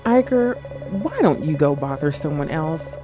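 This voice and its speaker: A man's voice: a little high, very animated, unhurried. Man reading a scornful, bitter woman. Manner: curt, scornful, reading aloud. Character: hostile bitter middle-aged woman guest. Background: game music.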